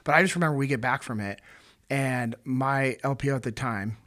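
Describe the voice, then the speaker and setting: A man's voice: mid-range voice, brisk, fairly bright tone. Easygoing male podcast host. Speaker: podcast host, former Navy SEAL. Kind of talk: casual chat.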